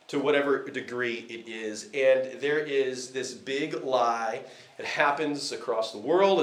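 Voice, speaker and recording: A man preaching a conversational sermon from the United States, telling a family story with frequent fillers and restarts. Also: a little high. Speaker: visiting preacher. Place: church hall. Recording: echoey church hall.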